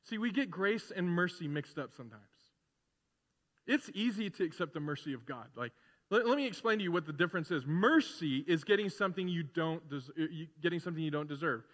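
Bright-voiced preacher man in a reverberant church. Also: a little high, lively intonation, brisk. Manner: conversational preaching, swelling to loud emphatic repetition. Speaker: pastor. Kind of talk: sermon. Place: church sanctuary. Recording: long hall reverb in a church.

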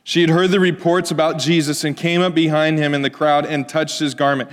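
A man delivers a sermon from the pulpit, his voice pitched notably high. He moves between loud, emphatic stretches and soft, hushed asides. A long reverb trails each phrase, as in a large church hall. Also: level tone, a little fast. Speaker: pastor.

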